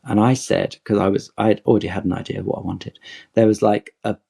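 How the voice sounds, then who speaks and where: Man with a low, gravelly voice telling a story. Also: quick pace. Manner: animated, digressive anecdote with acted-out quotes. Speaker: guest telling his fan story. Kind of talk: casual podcast storytelling.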